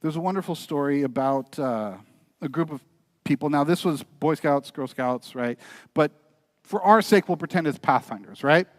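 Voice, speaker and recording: Storytelling pastor, slightly high voice. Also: male voice, moderate pace, no room sound. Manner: storytelling, building to earnest, quieter exhortation. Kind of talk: sermon. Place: church.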